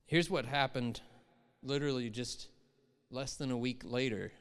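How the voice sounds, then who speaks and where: A man's voice: mid-range voice, a little slow, a bit bright, clear, resonant tone. A middle-aged man preaching a sermon as pastor, in a conversational manner that rises into emphatic quoted voices. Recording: long hall reverb.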